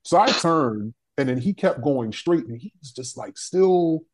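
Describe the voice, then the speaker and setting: Husky-voiced man telling a heated story. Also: a little high, a little slow. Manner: profane, animated and emphatic. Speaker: panel discussion regular. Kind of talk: casual storytelling on a discussion panel.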